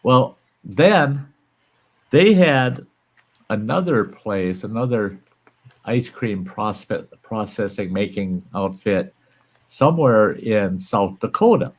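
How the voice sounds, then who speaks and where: A man's voice: lowish voice, animated, slow pace. An older American man, a channel host, telling a folksy story in casual chat and chuckling as he goes. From American West.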